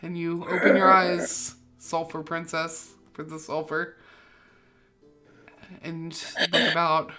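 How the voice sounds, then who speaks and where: Bright-voiced woman game master. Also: low voice, level tone, takes it slowly, faint music behind. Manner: vivid, gory descriptions with many fillers. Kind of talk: narrating a tabletop game.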